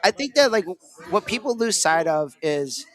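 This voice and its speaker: A man's voice: high voice, big pitch swings, moderate pace. A man from Illinois hosting a casual podcast, talking in a rambling, filler-heavy way. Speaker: podcast host. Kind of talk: casual chat.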